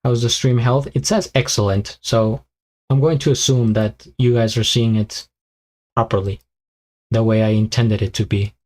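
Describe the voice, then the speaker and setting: A man hosts a live stream, reacting and chatting loosely with his viewers. He thinks out loud, restarting sentences and filling gaps with "uh" and "like". His mid-range voice sounds a little worn and weakening. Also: medium pitch, steady tone, normal speed. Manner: rambling, thinks aloud with many fillers and restarts. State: voice tiring and weakening.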